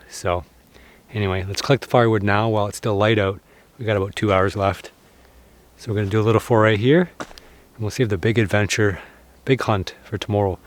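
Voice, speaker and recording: A man talking casually to the camera while winter camping, in a relaxed, rambling way. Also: lowish voice. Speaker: vlogger. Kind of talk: casual outdoor vlog narration. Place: winter woods and canvas tent.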